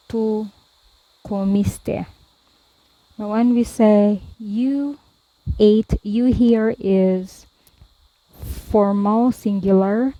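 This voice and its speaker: A woman tutor slowly explaining verb forms, pausing often and repeating each one. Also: mid-range voice, mellow, no room sound, muffled recording. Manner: deliberate, repeats each form, frequent "um" and "okay". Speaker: language tutor. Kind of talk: slow explanatory lesson.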